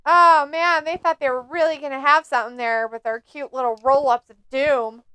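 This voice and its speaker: A woman's voice: sits high, steady tone, normal speed, pushed and bright, dry recording. A woman casually commenting on a wrestling match during a live stream, joking and mocking the wrestlers. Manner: snarky, jokey, mocking the wrestlers. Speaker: watch-along host.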